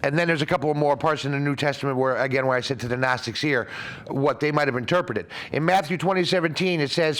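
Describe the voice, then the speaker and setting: A man's voice: on the high side, fast talker, a bit bright. A man hosting an explanatory talk, earnest and rambling with many restarts. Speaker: host. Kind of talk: explanatory talk on religious ideas.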